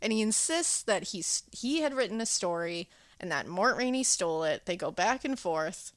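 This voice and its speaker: A woman co-hosting a podcast in casual chat, telling the story with animated voices and frequent laughs. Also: mid-range voice, normal speed, dry recording, clean studio sound. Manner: animated storytelling, acts out characters, laughs often. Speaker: podcast co-host.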